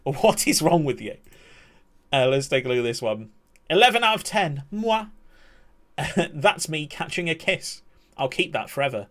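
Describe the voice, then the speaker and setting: A man's voice: a little high, big pitch swings, normal speed, a bit bright. Chatty young man streaming. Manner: chatty, laughs often, mock-outraged ranting. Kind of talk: casual live-stream commentary.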